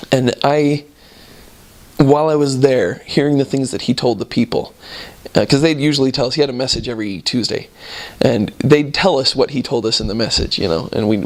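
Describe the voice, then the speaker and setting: Casual male storyteller, average pitch, loose and chatty, a returned missionary reminiscing. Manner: relaxed, rambling, chuckling between points.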